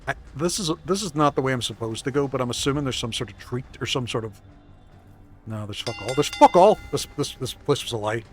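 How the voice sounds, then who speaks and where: A man's voice: mid-range voice, fast, fairly bright tone, faint music behind. Sweary, jokey man streaming a game. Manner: sweary, jokey, reading chat aloud. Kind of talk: live-stream gaming chat.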